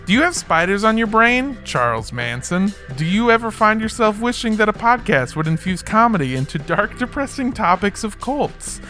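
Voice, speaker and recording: A man's voice: sits high, sing-song, moderate pace, few pauses, pushed and bright, soft background music. A man in his twenties co-hosting a comedy podcast, casual and joking, laughing often as he chats in a recording studio. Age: 20s. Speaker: podcast co-host. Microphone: studio microphone.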